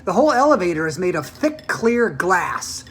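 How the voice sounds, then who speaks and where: A woman reading aloud, voicing an eccentric, brisk male candy maker who talks in a lively, declaiming way. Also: on the low side, a little hiss or hum. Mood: proud.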